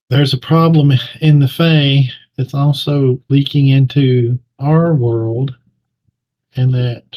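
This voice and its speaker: Earnest man on a muffled call. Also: mid-range voice. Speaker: player. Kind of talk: in-character tabletop play.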